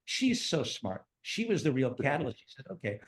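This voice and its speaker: A man in his sixties who designs theme parks recounts life stories in conversation, speaking a little fast in a medium pitch. He tells them with animation, performing the quoted dialogue in the voices of the people involved.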